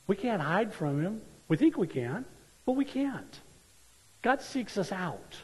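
A man's voice: high-pitched, husky. A male preacher delivering a sermon emphatically and repeating key points for stress. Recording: long church-hall reverb.

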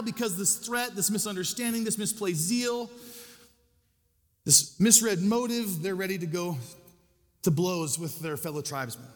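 A man's voice: high-pitched, long reverb tail. A male pastor preaching a sermon, conversational and self-deprecating, with casual asides to the congregation.

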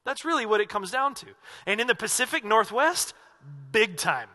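A man's voice: high-pitched, expressive, normal speed, pushed and bright, long reverb tail. A man from the American South preaching a sermon as pastor, in a conversational, jokey storytelling manner.

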